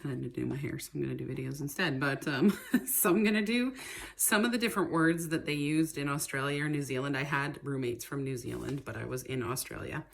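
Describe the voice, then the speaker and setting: Low-voiced chatty woman. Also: a little fast, creaky, slight background noise. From Canada. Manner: chatty and rambling, laughing often. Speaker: vlogger. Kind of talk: casual talking-to-camera vlog.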